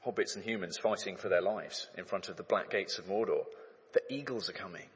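Guy in his 30s preaching, slightly husky, echoey hall. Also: sits low, a little fast. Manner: animated, conversational storytelling with acted-out crowd shouts. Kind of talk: sermon. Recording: long hall reverb.

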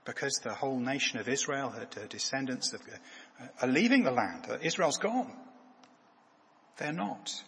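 A man preaching a sermon who repeats his words haltingly and drops to a soft, low voice. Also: lively intonation, husky, in a large hall.

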